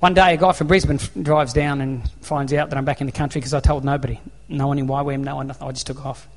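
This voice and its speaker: A man with an Australian accent tells a personal story from the pulpit, sincere and conversational, performing the dialogue as he goes. He speaks fast in a mid-range voice with an even tone, and a big hall's long reverb surrounds him.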